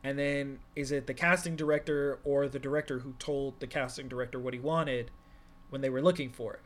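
A man's voice: mid-range voice, steady tone, brisk. A man co-hosting a podcast, talking casually in a rambling, profane way as he thinks aloud. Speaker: podcast co-host.

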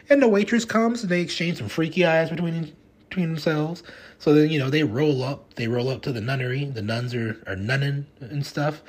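A man hosting a podcast, rambling through a casual, animated retelling of a film. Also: on the high side, normal speed, husky. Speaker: podcast host. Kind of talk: casual chat.

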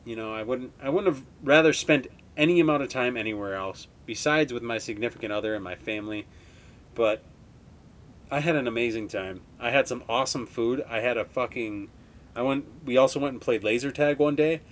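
A young man in his twenties from Wisconsin hosts a podcast, recounting things in a loose, meandering monologue. His talk is laid-back and full of swearing. The pitch of his voice sits in the middle for a man. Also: a little fast. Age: 20s. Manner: rambling, heavily profane, laid-back. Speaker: podcast host. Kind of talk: casual storytelling monologue.

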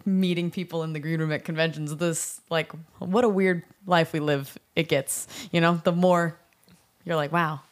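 A woman's voice: sits low, fairly even intonation, normal speed. A woman co-hosting a podcast, chatting casually and laughing between remarks. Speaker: podcast co-host. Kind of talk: casual chat.

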